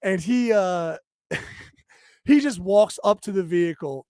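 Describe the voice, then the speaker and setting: Podcast guy ranting, swears a lot, high gravelly voice, dead dry mic. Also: slow pace, darkish tone, no echo. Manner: heated, profane storytelling rant. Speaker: podcast co-host. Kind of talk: casual podcast chat.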